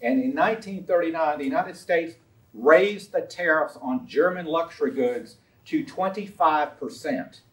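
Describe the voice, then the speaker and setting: A man's voice: fairly high pitch, unhurried. A man giving an illustrated lecture on a historical collection, chatty and anecdotal, with frequent ums and uhs. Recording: roomy sound from a distant mic.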